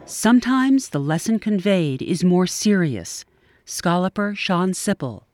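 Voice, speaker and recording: A man narrating a scripted radio segment in a measured way. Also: high voice, very animated.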